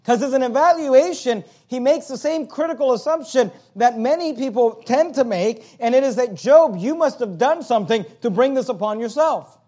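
A man preaching in a church in a high voice. He teaches verse by verse, often restarting his words with "uh," and he gets louder whenever he reads scripture aloud. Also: lively intonation, moderate pace. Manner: repeats words, frequent uh fillers. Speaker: pastor. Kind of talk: evening sermon.

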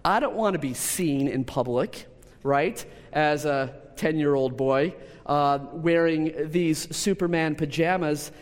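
A man preaching a sermon, telling a personal story with lively repetitions and restarts. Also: on the high side, slow pace. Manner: storytelling, animated, with repeated words and restarts. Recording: long hall reverb.

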